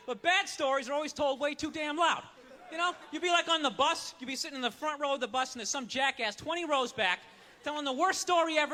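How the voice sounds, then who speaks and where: A man doing a stand-up routine on stage, ranting loudly with mock outrage. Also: extremely high pitch, in a large hall, a little hiss or hum. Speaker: stand-up comedian. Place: comedy stage.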